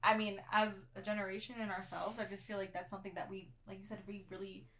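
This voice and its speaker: A woman's voice: medium pitch, level tone, fast, sharp tone. A young woman co-hosting a podcast, chatting casually and agreeing often, with loose restarts. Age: young adult. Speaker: podcast co-host. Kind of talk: casual chat.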